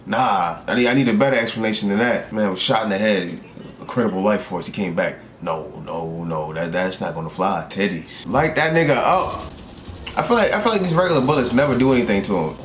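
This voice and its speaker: Excitable man, roomy echo. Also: lowish voice, fairly quick. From South Carolina, US. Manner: excitable, profane, animated outbursts. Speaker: anime reaction creator. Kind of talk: casual reaction commentary. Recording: roomy echo, faint background hiss.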